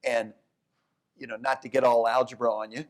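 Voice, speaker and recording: A man, an economics professor, talking economics onstage at a live event, animated, often restarting his sentences. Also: normal speed. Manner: animated storyteller, jumps to high voices for quotes; restarts and self-corrections. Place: downtown event hall with live audience.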